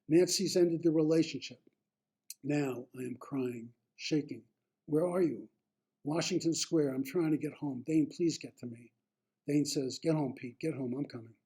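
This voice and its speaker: A man reading his own memoir aloud, slow and deliberate in the first person. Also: fairly high pitch, warm tone, breathy edge.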